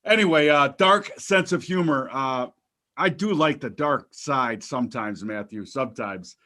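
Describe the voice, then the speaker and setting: A man's voice: medium pitch, unhurried, bright, forceful tone. A man hosting a casual talk show, joking loosely and wandering through topics with fillers and restarts. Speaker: podcast host.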